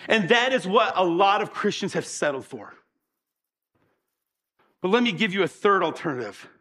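Lively preaching man, slightly high voice. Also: moderate pace. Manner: lively storyteller who acts out quotes; animated, draws the audience in. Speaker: pastor. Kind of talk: sermon.

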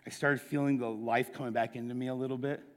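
A middle-aged man preaching a sermon, telling a story with lively acted-out dialogue. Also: mid-range voice, quick pace. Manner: animated storyteller, acts out the dialogue. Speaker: pastor. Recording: long hall reverb.

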